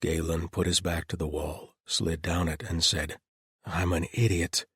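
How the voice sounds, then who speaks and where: A man narrating a fantasy audiobook with expressive storytelling. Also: rumbling low, normal speed, breathy edge, no room sound, clean studio sound. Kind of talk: scripted narration.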